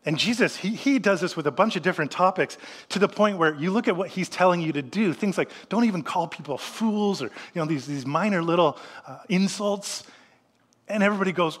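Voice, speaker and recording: A male pastor delivers his sermon in an easy, conversational way, with a voice pitched a little high. He keeps asking rhetorical questions and slips into the voices of people who might answer him. His words ring out with a long reverb, as in a large hall. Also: fairly quick, breathy edge.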